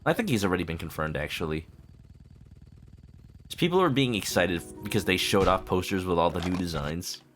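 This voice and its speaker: A man's voice: deep voice, lively intonation, normal speed, fairly bright tone, a little hiss or hum. A man streaming a video game, chatting casually with rambling, joking asides. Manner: rambling, joking, self-interrupting. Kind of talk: casual live-stream commentary.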